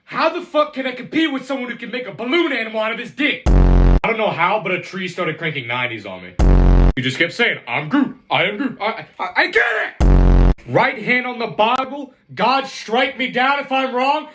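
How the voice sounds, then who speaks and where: A man doing a comedic meme monologue, animated and swearing with exaggerated outrage. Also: very high voice, normal speed. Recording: loud music behind.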